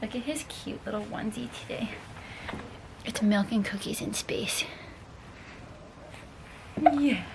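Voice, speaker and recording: A woman's voice: medium pitch, fairly even intonation, moderate pace, creaky, background noise. A young woman vlogging at home in a casual, chatty way, full of "like" fillers, recorded on the camera mic. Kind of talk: casual vlog chat.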